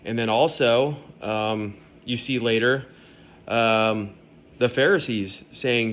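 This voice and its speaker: Male podcast host, mid-pitched, talks informally to listeners from home, faint hiss behind. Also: slow, a bit bright. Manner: conversational, addresses listeners directly. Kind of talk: casual podcast monologue on faith. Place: at home with his dog.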